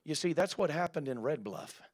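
A man's voice: on the high side, lively intonation, a little fast. Emphatic man preaching a sermon. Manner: emphatic, building to loud rising exclamations.

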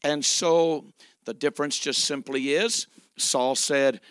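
Slow, emphatic male preacher. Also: on the high side, fairly even intonation, fairly bright tone, smooth, no echo, clean studio sound. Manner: emphatic, with dramatic pauses and repeated phrases. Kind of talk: sermon.

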